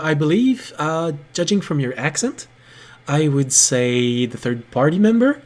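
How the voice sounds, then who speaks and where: A man's voice: fairly high pitch, darkish tone. A man narrating as game master in a tabletop game, friendly and laughing often, with many fillers.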